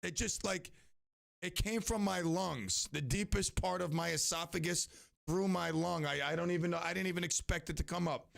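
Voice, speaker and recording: A male radio host chats with callers and spins a jokey story about a customer. His voice sits high and carries a heavy, crackly fry. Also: moderate pace, a bit bright. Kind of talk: casual radio show chat.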